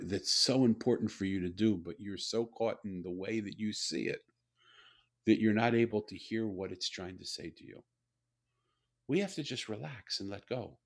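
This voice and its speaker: A man speaking as a guest, telling stories in a slow, earnest, reflective way with repeated phrases. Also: fairly low pitch. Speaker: guest, storyteller and author. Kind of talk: reflective conversational storytelling.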